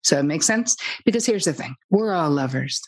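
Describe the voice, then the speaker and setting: A woman guest talking about codependency in a blunt, lively, casual way, sometimes swearing lightly. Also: deep voice, normal speed. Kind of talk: casual storytelling interview.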